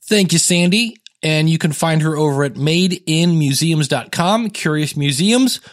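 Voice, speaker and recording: A man hosting a podcast in a chatty, casual voice that sits a little high. He talks close to the mic in a dry room and drifts into quick asides. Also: lively intonation, no room sound. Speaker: podcast host.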